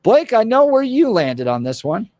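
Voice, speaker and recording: A man hosting a morning talk radio show, opinionated and animated, with sarcastic asides. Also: high voice, normal speed, dry recording, studio quality. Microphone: studio microphone.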